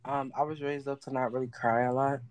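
A woman's voice: extremely low pitch, flat delivery, fairly quick, darkish tone, low-quality recording. A woman guest on a podcast, talking in a casual, emphatic and slangy way.

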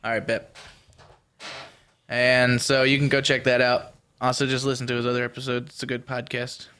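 A man's voice: medium pitch, level tone, moderate pace, pushed and bright, clean tone. A man co-hosting a podcast in casual chat, joking and swearing loosely as he runs through plugs and intros. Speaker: podcast co-host.

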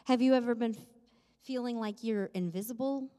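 A woman's voice: on the high side, brisk, warm tone. A woman preaching a sermon in a church, conversational and self-deprecating with light humor. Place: church sanctuary. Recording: long reverb of a church hall.

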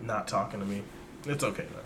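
A man's voice: on the low side, fast, fairly bright tone, slight background noise. A man co-hosting a podcast in casual chat, joking, laughing often and reading listener emails aloud. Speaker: podcast co-host.

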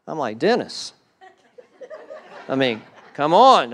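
A man preaching a sermon as pastor, animated, often repeating words and acting out quotes. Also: medium pitch, measured pace, long pauses.

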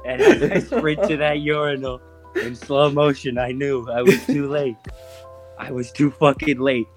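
Unhurried and mid-range in voice, a man in his twenties hosts a podcast and tells a casual tale, cursing freely and acting out the voices in it. Faint music plays behind him.

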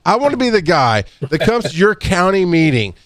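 A man hosting a casual podcast and speaking as an EMS educator. He talks bluntly, laughs often and clears his throat now and then. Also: normal speed, slight background noise. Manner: blunt and animated, swings up in pitch when fired up.

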